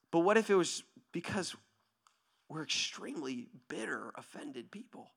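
A man with a high, bright voice preaching a sermon. He tells stories animatedly, jumping between loud acted-out lines and hushed asides. He keeps it conversational, tossing in "right?" again and again. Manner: animated storytelling, acting out quoted voices. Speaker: pastor.

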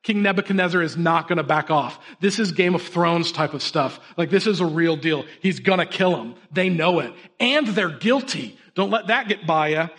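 A man in his thirties delivers a sermon with a fairly high voice. He tells the story energetically, swinging from quiet, earnest lines to sudden excited bursts. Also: normal speed, few pauses. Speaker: pastor.

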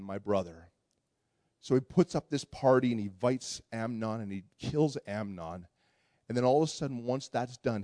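A man's voice: medium pitch, darkish tone, no room sound. A man preaching a sermon, retelling a story in a conversational way and often repeating words as he goes. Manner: conversational, repeats words while searching for them.

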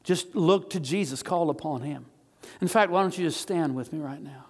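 A pastor with a fairly high, slightly mellow voice speaks at normal speed in a church sanctuary, praying fervently in repeated phrases and leading the congregation in recited liturgy during the sermon. Long hall reverb and faint music surround him.

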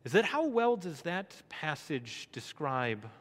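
A man preaching a sermon, asking the congregation rhetorical questions, swelling to emphatic peaks and then dropping low and soft. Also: very animated, slow. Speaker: pastor. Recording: long reverb of a large hall.

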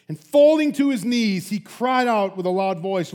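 A pastor delivering a sermon in a fairly high male voice. He moves between loud, emphatic peaks and quiet, dropped lines. He keeps throwing in casual rhetorical questions. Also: moderate pace, few pauses. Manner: emphatic, animated preaching with sudden loud peaks and soft drops.

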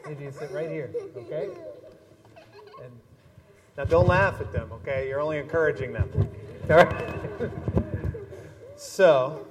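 A man leading a children's message in church, telling an animated, playful story with toys. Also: a little high. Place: large church sanctuary. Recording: long church reverb.

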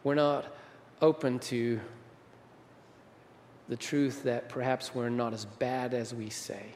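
A man's voice: mid-range voice, flat delivery, slow pace, a little mellow, slight background noise. A man preaching a sermon as a pastor, talking with the audience and often asking them questions. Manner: conversational, asks the audience questions. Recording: long reverb of a large hall.

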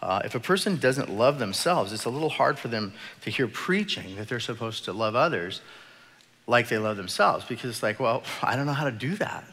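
A middle-aged man preaching a sermon in church, telling a story with halting, repeated words. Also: mid-range voice, animated, a bit bright, husky. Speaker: pastor. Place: church sanctuary. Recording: echoey church hall.

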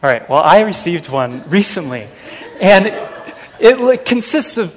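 A man preaching an earnest, measured sermon to a congregation, reading scripture and telling everyday stories. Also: high-pitched, big pitch swings. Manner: earnest, measured, anecdotal asides. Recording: long hall reverb.

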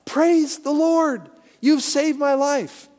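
A devout older woman, put on by a preacher, calls out to heaven in a high, sing-song exclaim, lifted well above his own voice. It rings out loud into a long hall echo. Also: slow pace. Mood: jubilant. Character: devout old woman praising aloud. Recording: echoey hall reverb.

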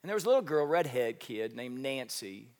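A man preaching a sermon, telling a story with animated, rising emphasis. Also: mid-range voice, fairly quick. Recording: long hall reverb.

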